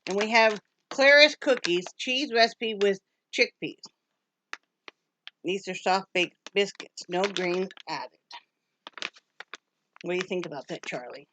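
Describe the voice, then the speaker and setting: A woman's voice: medium pitch, animated, unhurried, long pauses, a bit bright, low-quality recording. A woman from Wyoming chatting casually while unboxing a dog subscription box, breaking off to scold and coo at her dogs. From Wyoming, USA. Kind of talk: casual unboxing vlog chat. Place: home with dogs around. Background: dogs moving and making noise.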